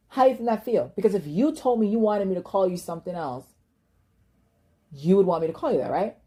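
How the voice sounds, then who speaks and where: A woman's voice: mid-range voice, lively intonation, fairly quick, dark tone, husky. A young woman giving an emotional personal monologue, impassioned and ranting, cursing and repeating words when worked up. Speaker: vlogger.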